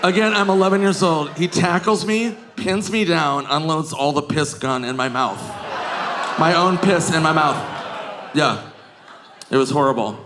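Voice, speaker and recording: A man doing a stand-up comedy set on a club stage, jumping into shrieking high voices when he acts out drunk women. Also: noisy background. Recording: live club recording with crowd laughter.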